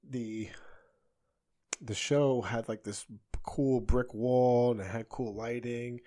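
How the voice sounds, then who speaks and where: A man's voice: mid-range voice, steady tone, slow pace, warm tone. A man in his thirties, a comedian hosting a solo podcast, talking in a rambling, conversational way that often stops and restarts. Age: 30s. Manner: rambling, self-interrupting, conversational.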